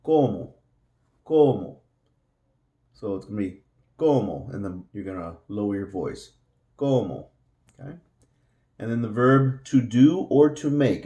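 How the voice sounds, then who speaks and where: Patient male teacher, warm and relaxed tone, repeats words for learners. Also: mid-range voice, roomy sound. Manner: patient, repeats each word several times. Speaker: Spanish teacher. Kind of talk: slow classroom explanation.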